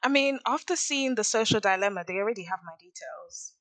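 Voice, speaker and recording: A woman chatting casually as a podcast co-host, animated and quick to laugh. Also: medium pitch, no room sound. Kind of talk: casual chat.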